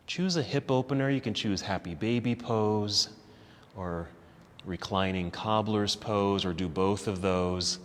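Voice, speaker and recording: A man teaching a yoga class, calmly cueing poses step by step and easing toward relaxation, a little out of breath. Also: lowish voice, a little slow, in a large hall. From United States. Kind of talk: guided yoga class instruction. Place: yoga studio.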